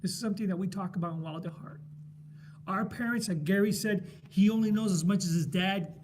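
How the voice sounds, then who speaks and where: Emphatic high-voiced middle-aged man. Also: a little fast, darkish tone, a little hiss or hum. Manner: emphatic, repetitive, preacher-like. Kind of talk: passionate faith sharing.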